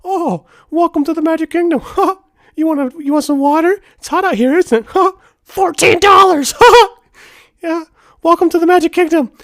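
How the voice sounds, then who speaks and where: Squeaky Mickey Mouse. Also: male voice, moderate pace, a bit bright, no echo, clean studio sound. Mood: gleeful, mocking. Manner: squeaky falsetto with cackling "huh?" tags. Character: greedy crude cartoon mouse mascot, male.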